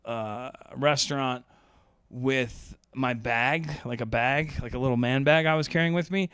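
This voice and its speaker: Male podcast host, young adult, loose rambling storyteller; smooth voice, dry close recording. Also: medium pitch, a little slow, fairly bright tone, dry recording. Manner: rambling, lots of "like" and "um", laughs while telling. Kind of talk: casual storytelling.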